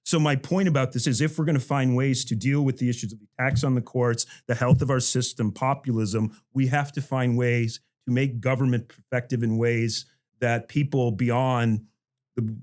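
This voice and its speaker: A man's voice: medium pitch, steady tone, normal speed, darkish tone. A middle-aged man, a history professor, talking casually on a panel podcast, rambling with many restarts and asides and chuckling as he goes.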